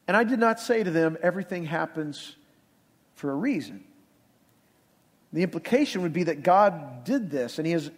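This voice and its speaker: A male pastor preaching a sermon in a church, conversational with emphatic rhetorical questions. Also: high voice. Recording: long reverb of a church hall.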